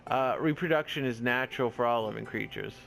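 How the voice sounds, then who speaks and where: A man's voice: mid-range voice, fairly quick, creaky, a bit bright. A man reading as a dry, formal lab assistant. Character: cool, reserved young male lab assistant.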